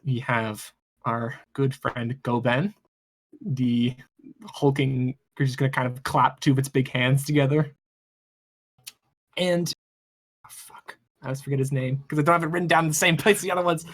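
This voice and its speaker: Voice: medium pitch, fairly bright tone. Game master narrating a tabletop game, stop-start delivery. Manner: rambling, halting, many restarts.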